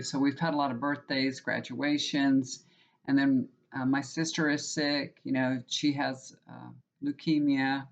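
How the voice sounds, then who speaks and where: A woman's voice: very deep voice, creaky. A woman, chatting to her viewers in a rambling, heartfelt way full of restarts. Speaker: tarot reader and channel host. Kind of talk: casual personal chat to viewers. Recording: muffled lo-fi recording.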